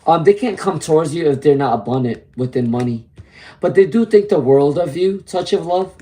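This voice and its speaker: A man with a hoarse voice from laryngitis, giving a chatty live-stream tarot reading and greeting viewers by name. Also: on the high side, expressive, normal speed, mellow. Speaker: tarot reader.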